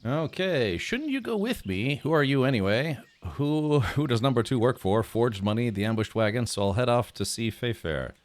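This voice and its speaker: A man streams a game with casual live commentary, laughing often and rambling in asides to his viewers. His voice is mid-range, at normal speed with few pauses.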